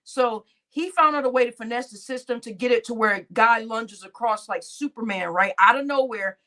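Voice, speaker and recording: A woman's voice: on the high side, moderate pace, bright, forceful tone. A woman hosting a live stream, laughing often and talking to her chat in crude slang. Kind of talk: casual live-stream commentary.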